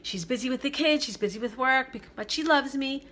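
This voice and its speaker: A woman's voice: a little high, moderate pace, pushed and bright, a little hiss or hum. A woman from Brooklyn, giving relationship advice in an emphatic monologue that repeats its key phrases. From Brooklyn, New York.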